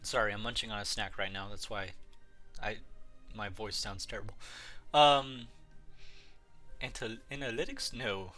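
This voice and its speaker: A man's voice: fairly low pitch, steady tone, unhurried, long pauses, sharp tone, soft background music. A man hosting a gaming livestream, chatting casually and rambling as he answers viewers' messages. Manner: rambling, answering chat messages as they come. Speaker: livestream host.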